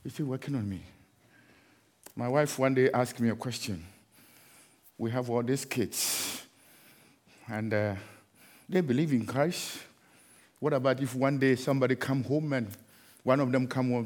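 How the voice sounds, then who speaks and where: A man's voice: medium pitch, normal speed, long pauses, a little mellow, breathy edge. A middle-aged man preaching a sermon, not a native English speaker, often slipping into sung, chanting refrains. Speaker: pastor.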